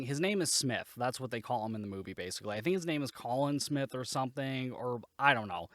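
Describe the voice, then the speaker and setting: A man's voice: medium pitch, no echo, clean studio sound. A man hosting a podcast, giving a casual, rambling and sarcastic spoken review, swearing freely. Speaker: podcast host, movie reviewer.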